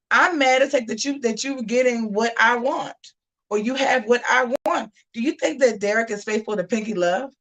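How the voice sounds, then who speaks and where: A sassy woman with a higher voice hosts a live commentary show, speaking at normal speed through a distant mic. Reading chat on her livestream, she's animated and talks back to the viewers.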